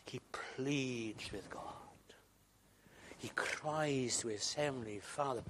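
A man gives an emotional sermon, lifting his voice for emphasis and then dropping to hushed whispers. His pitch sits in an ordinary middle range. A faint hiss runs under the recording. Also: slow pace. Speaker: preacher.

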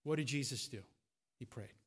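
A man pastor preaching a sermon, asking rhetorical questions with rising fervor and then dropping to a quiet, reflective tone. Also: mid-range voice, normal speed, slightly rough. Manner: drops to a quiet, reflective tone at times.

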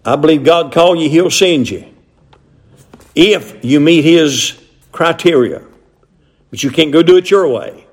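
A man's voice: on the high side, lively intonation, measured pace, long pauses, breathy edge. An older man, preaching a sermon in a folksy way with frequent amens. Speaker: pastor.

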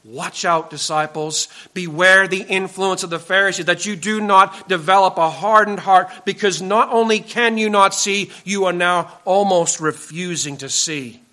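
In a church, a male pastor preaches an earnest sermon, driving his points home with repeated, emphatic warnings. His voice is high for a man, bright and forceful, moving at a moderate pace with few pauses.

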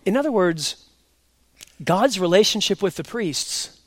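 A man with a high voice gives an expository sermon from the pulpit. He leans hard on his key lines, then drops to a quiet aside, and he slows down to repeat what matters. The sound is dry, close and without room echo. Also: expressive. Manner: emphatic, swinging between loud stresses and quiet asides; explains slowly and repeats key points. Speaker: pastor.

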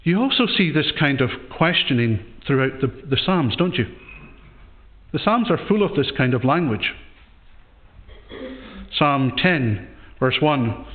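A man delivers a sermon in a church, earnest and questioning, often restarting his phrases. His voice sits a little high. The sound is thin and tinny, like it came over a phone line. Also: lively intonation, unhurried, long pauses. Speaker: pastor.

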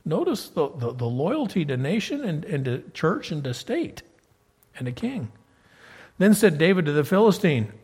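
A man preaching a sermon, telling a Bible story in a conversational way and reading scripture aloud with loud, emphatic peaks. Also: fairly high pitch, big pitch swings, moderate pace, husky, big-room sound.

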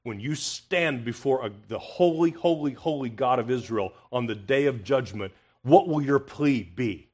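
A man preaching a confrontational expository sermon, asking rhetorical questions and swinging from loud emphasis to hushed tones. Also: medium pitch, normal speed, breathy edge.

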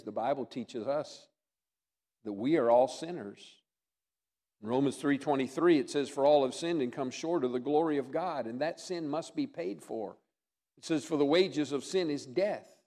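Pastor, male, middle-aged, slightly higher-pitched voice, earnest sermon delivery with soft, slow emphasis. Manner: earnest, slows and softens on key lines.

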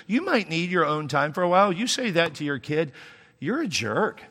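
A man's voice: a little high, big pitch swings, normal speed, sharp tone. A man, a pastor, preaching a sermon in a conversational way, with humor and sudden emphatic rises. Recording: long hall reverb.

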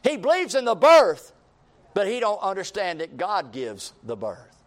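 A high-voiced man preaching. He lays out his sermon with strings of repeated questions and builds to emphatic peaks. His tone stays pitched up and full of conviction. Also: wildly swooping pitch, measured pace. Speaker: pastor.

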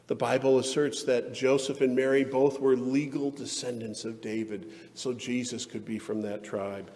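A man's voice: mid-range voice, flat delivery, normal speed, a little mellow, in a large hall. A man pastor preaching a sermon in an earnest, emphatic way that rises into fervent passages.

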